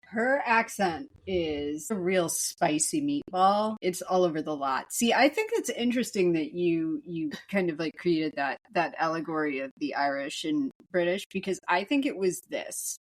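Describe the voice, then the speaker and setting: Jokey lady podcast cohost, lower voice, rambles and restarts a lot. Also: expressive, normal speed, hardly any pauses. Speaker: podcast co-host. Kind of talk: casual film review chat.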